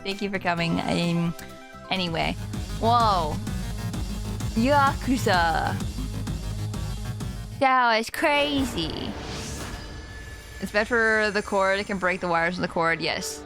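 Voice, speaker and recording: A woman's voice: mid-range voice, slow, pauses often, music in the background. A woman streaming a game live, chatting casually in a passionate way and laughing often. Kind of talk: casual live-stream chat while gaming.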